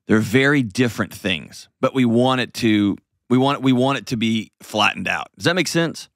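A man's voice: mid-range voice, expressive, normal speed, a bit bright, no room sound, studio quality. A man hosting an advice show, explaining parenting earnestly and acting out little scenes in changed voices.

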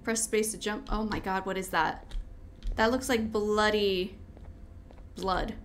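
A woman hosting a gaming video plays a horror game, talking to the game as she goes and crying out in panic when it scares her. She speaks slowly in a medium-pitched, steady voice. A faint hiss or hum is audible.

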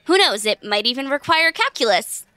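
A woman's voice: high-pitched, big pitch swings, bright, forceful tone, dry recording, full character voice. A woman voicing Molly, a clever girl adventurer in a children's audio drama. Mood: curious. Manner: quick-witted, problem-solving.

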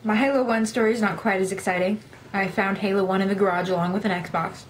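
A woman's voice: medium pitch, steady tone, fast, slight background noise. A young woman telling a rambling, self-deprecating story in a casual vlog, acting out her own past lines. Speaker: gaming vlogger.

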